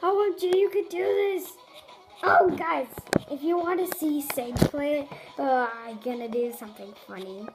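A performer voicing an excitable little turtle creature in silly game commentary, with squeaky shrieks and giddy, easily startled reactions. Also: moderate pace, noisy background. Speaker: channel host. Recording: game music loud behind voice.

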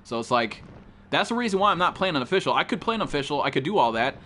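Excitable, foul-mouthed streamer man, higher voice. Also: rapid-fire, a little hiss or hum. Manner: profane, excitable, greets viewers by name. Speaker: game streamer. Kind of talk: casual live-stream chat with viewers.

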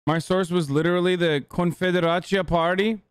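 A man streaming a casual reaction, talking in a profane, sarcastic, rapid-fire way into a close desk mic. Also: sits high, steady tone, smooth, dry recording.

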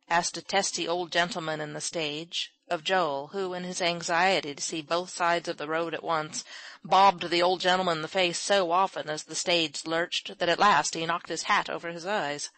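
A woman narrates a classic children's novel in a slightly low voice. The recording is close and dry, with no room sound. She lifts her pitch and volume whenever a character speaks. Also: a bit bright, no echo, rough recording. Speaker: audiobook narrator.

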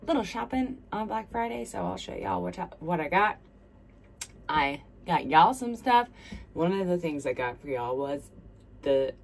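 A woman in her thirties from South Carolina with a thick Southern accent, chatting in a rambling, friendly way to her viewers while doing her makeup, recorded on a smartphone. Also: fairly low pitch. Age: 30s. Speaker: beauty vlogger. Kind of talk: casual get-ready-with-me chat.

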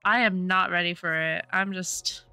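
Bright-voiced woman streamer gushing. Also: on the low side, steady tone, moderate pace, clear, resonant tone, dry recording, soft background music. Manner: gushing, effusive thanks to chat. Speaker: streamer playing a life-sim game. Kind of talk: casual gameplay commentary. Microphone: desktop USB microphone.

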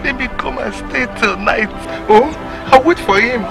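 A woman's voice: on the high side, moderate pace, gravelly, music in the background. A Nigerian actress playing a woman who begs tearfully to be let in, pleading over and over. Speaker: sister-in-law begging at a door. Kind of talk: film drama acting. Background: film score.

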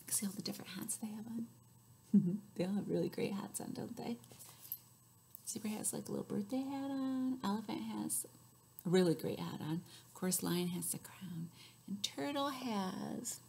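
A woman librarian leading a children's story time, reading aloud with sing-song rhymes, loud cheers and whispered asides. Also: mid-range voice, lively intonation, normal speed, gravelly, slightly rough.

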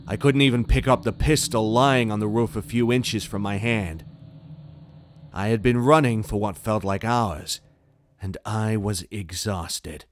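Low-voiced man narrating a horror story. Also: a little slow. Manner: tense, dramatic storytelling. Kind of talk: scripted first-person horror narration.

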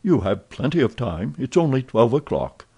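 A man reading the part of a calm, suspicious detective in an audiobook, asking measured probing questions. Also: medium pitch, husky.

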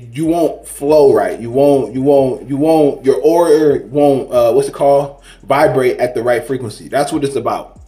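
A man's voice: fairly high pitch, warm tone, echoey room. A man giving a rambling, preachy spiritual monologue in a casual vlog, full of slang and restarts. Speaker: spiritual vlogger.

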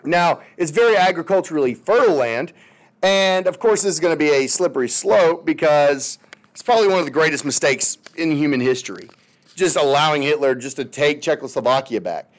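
A man's voice: fairly high pitch, animated, a little fast. A male history teacher giving a casual, chatty lecture with jokey, sarcastic asides.

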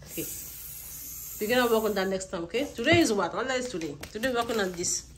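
A woman's voice: mid-range voice, quick pace, background noise. A young mother at home giving her child a patient, coaxing lesson and repeating praise.

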